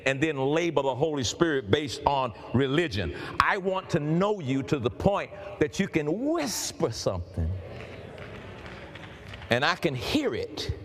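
A man preaching a sermon, fervent and building up to shouts. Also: medium pitch, a little hiss or hum. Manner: fervent, building to shouts, calls and responses with the congregation.

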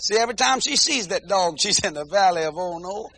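A man preaching a comic storytelling sermon, animated and bursting into shouted exclamations between praise interjections. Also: high voice, quick pace, a little hiss or hum. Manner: peppers talk with praise interjections.

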